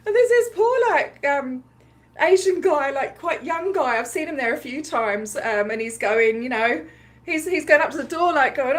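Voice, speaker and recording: A woman with a somewhat high voice tells a story to her livestream audience in a loose, chatty way. She is animated and laughs often, scattering ums and likes through her speech. She slips into other people's voices as she quotes them. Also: moderate pace. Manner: acts out other people's lines while retelling. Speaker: livestream host recounting a protest. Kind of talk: casual storytelling.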